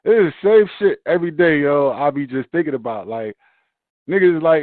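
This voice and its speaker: A man ranting profanely in casual chat, animated and forceful. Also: a little high, a little fast, no echo. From Brooklyn, New York. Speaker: podcast host. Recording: dry tinny phone-like sound.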